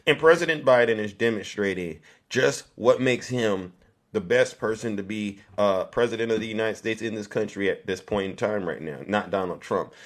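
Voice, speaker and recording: A man's voice: lowish voice, normal speed. Combative man ranting about politics. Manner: combative, repetitive, direct rants. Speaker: political commentator host. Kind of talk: casual political talk stream. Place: California, Bay Area.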